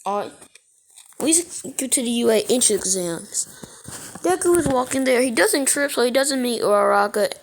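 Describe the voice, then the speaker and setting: A woman's voice: a little high, lively intonation, normal speed. Woman rambling through a fan story. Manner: rambling, self-correcting storytelling. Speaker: narrator. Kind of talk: casual fan story retelling.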